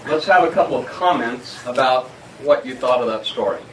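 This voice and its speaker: A man's voice: mid-range voice, expressive, brisk, recorded from a distance, noisy background. A man leading a group discussion, prompting and explaining. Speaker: discussion leader.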